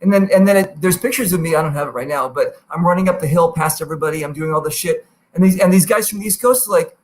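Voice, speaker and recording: A man hosting a podcast, telling stories in a casual, animated way, swearing freely and jumping into high-pitched quoted voices. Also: fast talker, hardly any pauses. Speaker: podcast host. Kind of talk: casual storytelling chat.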